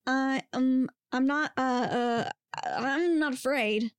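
A woman's voice: high voice, takes it slowly, smooth, no echo. A woman voicing a flustered young woman grad student who stammers nervously in a podcast reading of a monster romance.

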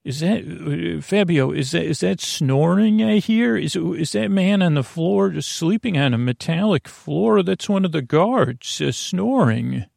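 A man's voice: a little high, expressive, a little slow, creaky, few pauses, darkish tone, no echo, clean studio sound, pitched above the performer's own voice, heavily acted. A man voicing a sleepy, pampered young woman prisoner who rambles and fusses. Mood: fussy. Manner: dreamy, fussy, rambling.

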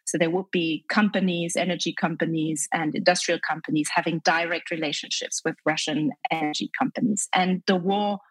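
A woman from Germany with a German accent, calmly explaining economics as an interview guest in measured, structured answers. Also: fairly low pitch, slightly rough, no room sound, low-quality recording.

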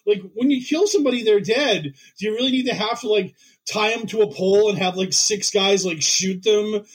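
A man's voice: high voice, brisk, husky, low-quality recording. A man co-hosting a podcast in casual comedic chat, rambling with lots of "like" and acting out quotes. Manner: rambling, heavy use of "like", acts out quotes. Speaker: podcast co-host.

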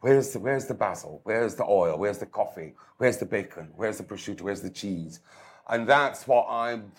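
A man's voice: on the low side, lively intonation, normal speed, slightly rough. An older man, a chef talking with enthusiasm and self-mocking humour in an interview. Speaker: chef and cookery writer. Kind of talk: conversational interview.

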